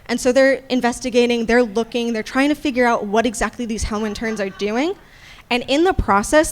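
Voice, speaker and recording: Animated, high-voiced woman panelist. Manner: animated, casual, swears freely. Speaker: dungeon master and panelist. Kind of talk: convention panel talk.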